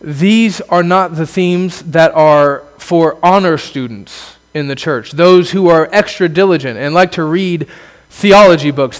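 A pastor preaches in an earnest sermon voice that swells into emphatic exclamations and then sinks low. His voice sits high for a man. A long reverb hangs after every phrase, as in a large church hall.

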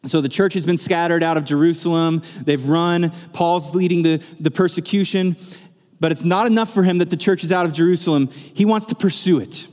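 A man's voice: on the high side, fairly even intonation, a little fast, darkish tone. A male pastor preaching a sermon in a church, earnest and building to impassioned emphasis. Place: church sanctuary. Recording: long reverb of a church hall.

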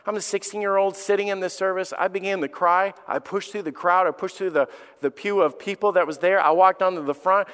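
A middle-aged man, a pastor, preaching a sermon and telling a personal story in an earnest way that rises to loud, emphatic peaks. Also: sits high, fairly even intonation, brisk, few pauses, clear, resonant tone. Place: church sanctuary. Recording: long reverb of a large hall.

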